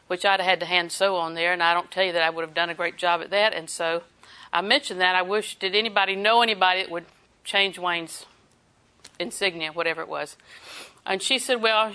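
Bright-voiced older woman preacher. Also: fairly low pitch. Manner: folksy, chatty, laughs often. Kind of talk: sermon.

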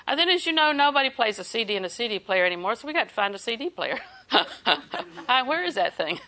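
Older lady preaching, bright voice, chatty and folksy, laughs a lot. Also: fairly high pitch, big pitch swings, brisk. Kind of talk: sermon.

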